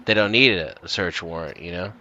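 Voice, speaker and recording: A man's voice: low-pitched, normal speed, pushed and bright, dry recording. A man in a casual panel discussion, curious and asking pointed follow-up questions.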